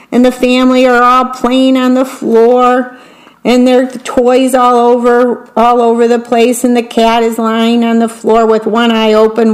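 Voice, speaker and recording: Slow, expressive woman reading picture books. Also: a little high, poor audio. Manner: slow, expressive read-aloud with descriptions of the pictures. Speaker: storybook reader.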